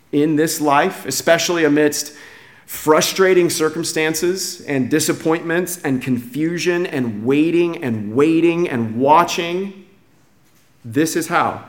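A man preaching a sermon in a conversational style, shifting between quiet low asides and raised, emphatic lines. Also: measured pace.

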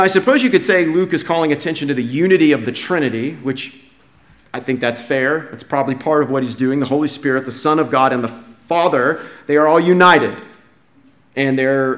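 A man preaching a sermon in a conversational style, shifting between quiet low asides and raised, emphatic lines. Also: fairly quick.

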